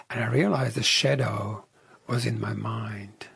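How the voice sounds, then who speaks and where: Man, interview guest, unhurried and hushed, raspy fry-laden voice, reflective tone. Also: medium pitch, fairly even intonation. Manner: soft-spoken, often dropping into a whisper.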